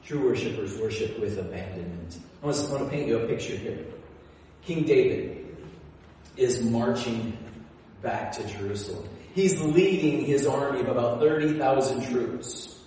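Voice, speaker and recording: A male pastor preaching a sermon, telling stories with animated energy and dropping into quiet emphasis. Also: mid-range voice, moderate pace, slight background noise. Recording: echoey hall from far off.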